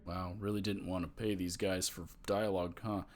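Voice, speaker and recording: A man's voice: low-pitched, little pitch movement, normal speed, darkish tone, faint music behind. A man casually commenting as he plays a game, reading dialogue choices aloud in an amused, chatty way. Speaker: gamer playing and commenting.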